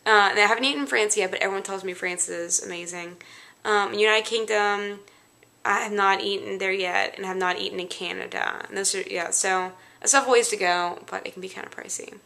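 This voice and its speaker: Young woman vlogging, chatty and rambly, bright voice with lots of fry. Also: mid-range voice, steady tone, brisk. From Louisiana, United States. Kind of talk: casual chat.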